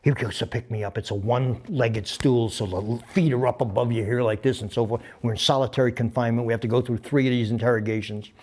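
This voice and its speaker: An older man in his seventies spins stories from his flying days in a lively, profane way. He swears freely, acts out other people's lines, and makes engine and radio noises as he goes. His voice sits at an ordinary pitch for a man. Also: fast, few pauses, slightly rough. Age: 70s. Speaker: interviewee, veteran pilot. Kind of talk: animated storytelling.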